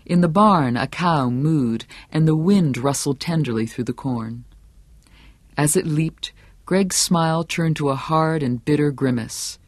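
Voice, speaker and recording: A man narrating an audiobook in a steady, measured storytelling manner. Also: on the high side, no echo. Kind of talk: scripted narration.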